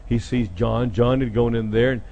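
A man's voice: mid-range voice, steady tone, moderate pace, creaky, lo-fi sound. A middle-aged man preaching a sermon, retelling scripture dramatically and voicing the people in it. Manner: dramatic retelling, acting out speakers with sudden loud jumps.

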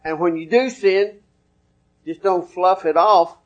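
A male preacher delivers his sermon in a relaxed, folksy, conversational way, citing chapter and verse as he goes. His voice sits fairly high for a man. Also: slow pace, highs cut off.

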